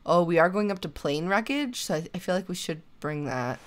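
A young woman giving casual let's-play commentary, thinking out loud as she plays and chatting to her character. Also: lowish voice, expressive, brisk. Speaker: gaming channel host.

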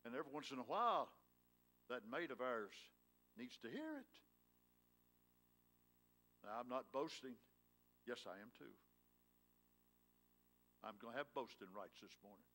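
Man preaching a sermon, loud then hushed. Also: medium pitch, expressive, a little slow, pauses often. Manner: swings between loud emphatic lines and hushed tender ones; prods the congregation with questions. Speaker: pastor. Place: church sanctuary.

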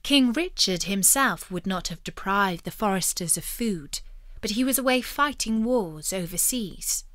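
Slow, bright-voiced woman narrator. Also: mid-range voice, animated, no room sound, studio quality. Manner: slow, clear, careful reading. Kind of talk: audiobook narration for learners.

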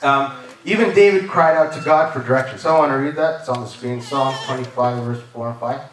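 A man's voice: medium pitch, a little fast, slight background noise. Man preaching in an echoey church. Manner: conversational, keeps asking "right?" and "amen?". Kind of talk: sermon. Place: church service. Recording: echoey church hall, mic far off.

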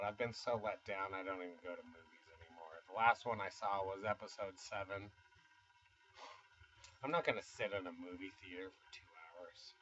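A man's voice: on the low side, a bit bright, muffled recording. A man in his fifties from the United States, rambling casually and self-deprecatingly in a vlog, with chuckling asides. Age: 50s. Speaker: YouTuber. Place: home studio.

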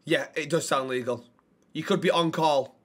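A man with a high voice, streaming a role-play game. He talks brashly and swears a lot. He throws out insults without missing a beat. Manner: brash, profane, quick to insult.

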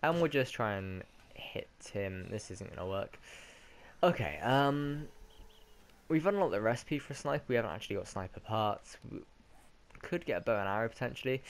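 A man's voice: fairly low pitch, animated, normal speed. A man with a British accent giving casual let's-play commentary, rambling and correcting himself as he goes. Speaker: gaming commentator.

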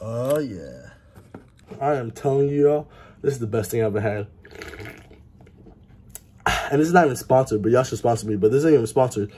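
A man vlogs straight into a handheld phone camera, his voice sitting at an ordinary middle pitch. He is an excitable sports fan who swears freely and keeps talking through mouthfuls of food. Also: slightly rough. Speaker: vlogger. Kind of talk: casual chat to camera.

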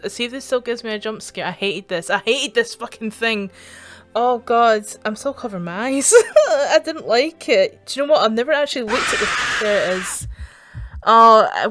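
A woman's voice: mid-range voice, moderate pace, a bit bright. A young Scottish woman streaming her reactions to scary videos, swearing, screaming and laughing at the scares. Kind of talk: casual reaction commentary.

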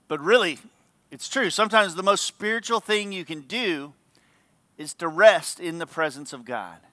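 A male pastor delivers an earnest, emphatic sermon in a high, bright voice. His speech is smooth and crisp. The sound is dry, with no room echo.

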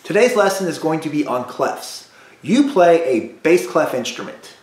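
Children get a first cello lesson from a school music teacher who guides them through call-and-response drills, repeating patiently at a slow pace. His slightly high, somewhat mellow voice swings widely in pitch, and the room echoes.

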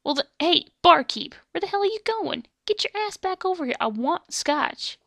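A woman's voice: a little high, steady tone, unhurried, creaky, no room sound. A woman voicing a tough, hard-drinking gunslinger woman with a drawling, threatening manner, recorded close on a headset mic. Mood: angry shouting. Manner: drawling, threatening, loud bursts when shouting.

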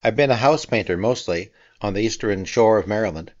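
A man's voice: on the low side, a little fast, darkish tone, close to an everyday voice. A man voicing a matter-of-fact house painter from Vermont, on a dull, slightly muffled recording. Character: older French Canadian house painter.

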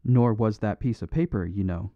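A man voicing a priest and amateur detective who speaks gently and quietly. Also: fairly low pitch, normal speed, dry recording, close to an everyday voice. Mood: gentle. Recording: dull dry recording.

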